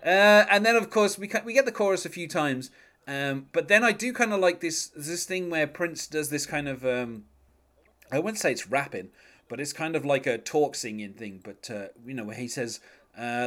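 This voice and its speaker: An English man co-hosting a relaxed chat about a song, wry and chatty, breaking into laughter as he goes. He slips into a low murmur when quoting lyrics. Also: moderate pace. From England. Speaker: podcast co-host. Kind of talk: casual chat about music.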